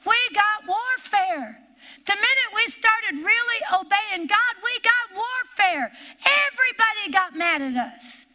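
Older lady preaching hard, high bright voice, hammers the same phrases over and over. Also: expressive. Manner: emphatic, repeats key phrases, drawn-out stresses. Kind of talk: sermon.

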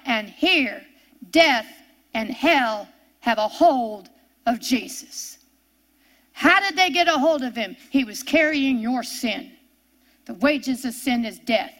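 High, bright-voiced woman preaching. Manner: reads scripture aloud in a rising, impassioned voice; drops to slow, hushed tones for solemn points. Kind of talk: sermon.

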